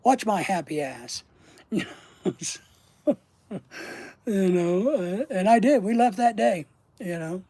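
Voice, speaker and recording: Speaking slowly and pausing often, a man with a high-pitched, mellow voice hosts his channel, recorded with no echo. His long personal story comes out casual and rambling, full of swearing, and he keeps trailing off partway through sentences.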